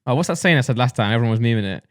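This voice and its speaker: A man's voice: medium pitch, lively intonation, rapid-fire, no room sound, studio quality. A young man co-hosting a podcast, joking and teasing his co-host in casual banter.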